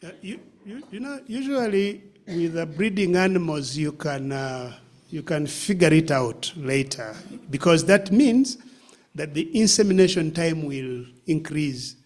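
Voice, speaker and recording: A man's voice: a little high, animated, a little slow, a little mellow. A man giving a pig farming training session, answering questions with practical advice and plenty of hesitant fillers and restarts.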